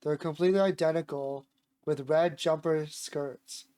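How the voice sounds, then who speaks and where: A man with a sore voice reading a visual novel aloud in a measured way, breaking off now and then to react. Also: fairly high pitch, fairly even intonation, mellow. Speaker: streamer.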